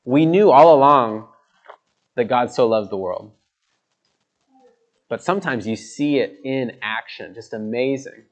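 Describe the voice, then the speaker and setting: A man's voice: medium pitch, measured pace, long pauses. A man preaching a sermon, earnest, repeating words for emphasis as he reads and explains scripture.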